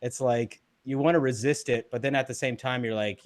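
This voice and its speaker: A young man in casual group discussion, an animated storyteller who laughs often. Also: medium pitch, brisk, no echo.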